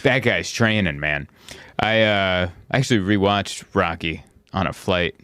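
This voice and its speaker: A man hosting a comedy podcast in casual chat, telling animated stories and acting out the people in them with bursts of laughter. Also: sits low, a little slow, clean tone, no echo, clean studio sound. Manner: animated storyteller who acts out scenes in voices; laughs often while talking.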